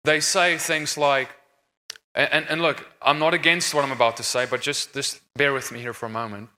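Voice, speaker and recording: A medium-pitched, pushed, bright voice with fairly even intonation carries at a moderate pace through a reverberant hall. The man, a conference speaker on deliverance ministry, preaches emphatically and earnestly on stage, restarting frequently.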